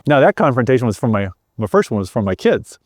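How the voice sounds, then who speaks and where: This middle-aged man, a guest in an interview, shares his personal testimony with real earnestness, talking very animatedly and fast in an average male pitch with a darkish tone. Words get repeated and sentences restarted often. There's no reverb; the sound is close-miked and dry.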